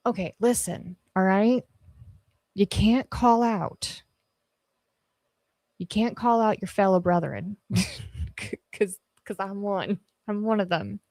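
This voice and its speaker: This livestream host reads her viewers' comments and chats with them casually, cursing without restraint and laughing a lot. Her medium-pitched voice is animated, a little slow and a little mellow, recorded with no room sound on a podcast dynamic mic on an arm at home.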